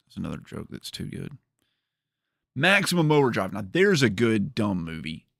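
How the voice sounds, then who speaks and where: A man's voice: lowish voice, fairly bright tone, no echo, studio quality. A man hosting a livestream, chatting casually and rambling with jokes to his viewers. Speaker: streamer host.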